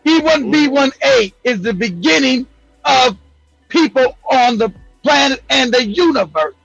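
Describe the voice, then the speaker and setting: Very high bright guy, husky, dull lo-fi dry sound, always joking and teasing. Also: expressive, a little slow, soft background music. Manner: laughing, teasing, profane. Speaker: show co-host. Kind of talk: casual talk show banter.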